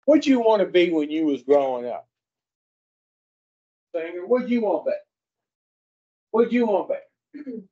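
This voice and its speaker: A man with a high, dark-toned voice, big pitch swings, and a slightly slow pace with frequent pauses gives a casual, folksy teaching talk to a recovery group. He is blunt and profane and quizzes his listeners directly, captured on a dull lo-fi recording.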